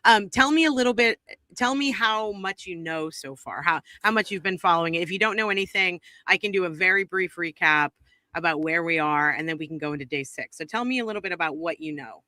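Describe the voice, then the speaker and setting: A woman's voice: fairly low pitch, animated, a little fast, bright, forceful tone, no room sound. A woman from New England hosting a podcast, easygoing and self-deprecating in casual chat. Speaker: podcast host.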